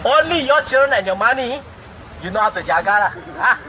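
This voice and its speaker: A man's voice: very high voice, animated, fairly quick, bright, forceful tone, slight background noise, poor audio. A middle-aged man with a Singaporean English accent giving a fiery, rhetorical speech that scolds the government, recorded outdoors in a city. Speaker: speaker at a public rally. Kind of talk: impassioned public speech.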